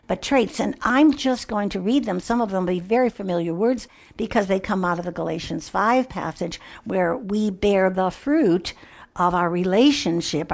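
A woman's voice: lowish voice, vocal fry. An older woman giving a devotional talk in an earnest, reflective way. She sometimes drops to a near whisper. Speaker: Christian speaker.

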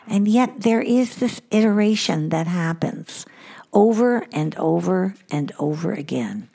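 A woman's voice: mid-range voice, lively intonation, measured pace, gravelly, mellow. An older woman hosting a devotional podcast, talking in an earnest, reflective way and repeating words for emphasis. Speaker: podcast host.

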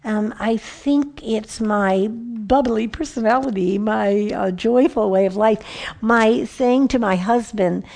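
A middle-aged woman giving a heartfelt, personal devotional Bible teaching, dropping to a hushed whisper on key phrases. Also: a little high, slow pace, vocal fry.

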